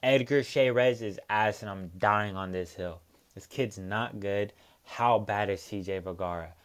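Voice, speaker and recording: A man's voice: fairly low pitch, a little slow, smooth. Profane young man ranting about fights. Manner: profane, heated rants with frequent fillers. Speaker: MMA recap host. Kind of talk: casual solo commentary.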